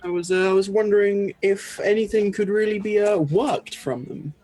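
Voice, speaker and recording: Chatty, higher-voiced man player. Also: moderate pace, darkish tone, faint music behind. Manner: chatty, jokey. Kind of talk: tabletop role-play.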